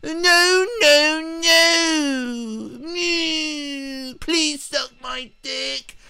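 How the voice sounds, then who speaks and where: A man putting on a whiny, simpering young man who is showing off his virtue, in a high, mincing falsetto. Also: very slow, creaky, sharp tone, dry recording, full character voice. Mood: mocking. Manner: mocking, sing-song.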